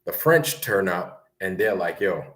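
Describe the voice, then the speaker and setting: Deep-voiced New man telling a story. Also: normal speed, fairly bright tone. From Brooklyn, New York. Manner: rambling, conversational, keeps asking "right?". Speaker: guest recounting military service. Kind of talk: casual storytelling.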